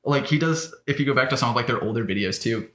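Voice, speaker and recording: A young man chatting on a podcast, gushing enthusiastically in rambling, filler-heavy sentences peppered with swearing. His voice is middle-pitched, and the room around him is noticeably echoey. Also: fast, a bit bright. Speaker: podcast co-host. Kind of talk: casual chat.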